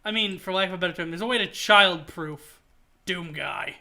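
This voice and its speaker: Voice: mid-range voice, normal speed, vocal fry, slight background noise. A streamer chatting casually while playing a game, rambling and joking. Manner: rambling, animated, jokey. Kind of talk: casual gaming stream chat.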